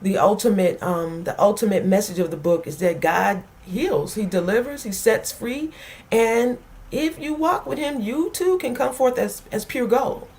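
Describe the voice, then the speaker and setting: A woman's voice: mid-range voice, a little slow, darkish tone. A woman author on a talk show, speaking in an earnest, heartfelt way about faith and forgiveness. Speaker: author guest.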